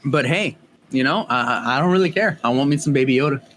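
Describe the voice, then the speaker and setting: A young man co-hosting a podcast in casual chat, halting and stumbling, with the odd curse. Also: medium pitch, fairly bright tone, a little hiss or hum. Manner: halting, many fillers and restarts, swears. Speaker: podcast co-host.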